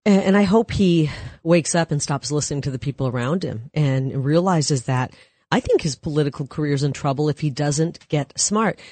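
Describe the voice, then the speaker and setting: Middle-aged woman guest, forceful punchy delivery, dry close sound. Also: low-pitched, expressive, normal speed, no room sound. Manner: emphatic, punchy declarations. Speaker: political guest. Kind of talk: casual political talk show.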